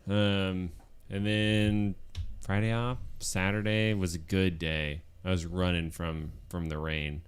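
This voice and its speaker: Deep smooth laid-back man. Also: little pitch movement, slow pace. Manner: laid-back, dry understatement. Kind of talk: casual chat.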